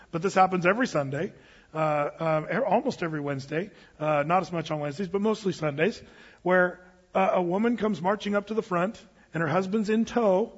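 A middle-aged male pastor with a husky voice, preaching in a conversational, joking way and often repeating his words. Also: high-pitched. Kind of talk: sermon. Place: church sanctuary. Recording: dull hall reverb.

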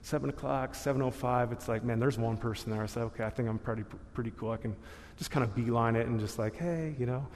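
A man's voice: mid-range voice, fast, a little mellow. A man giving a church testimony in a loose, casual storytelling way, full of slang and laughing at himself. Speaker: guest speaker sharing testimony. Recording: long hall reverb.

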